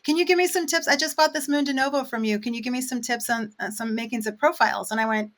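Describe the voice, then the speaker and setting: A woman's voice: fairly high pitch, quick pace. A woman who roasts coffee, chatting casually in an interview and explaining things with plenty of fillers.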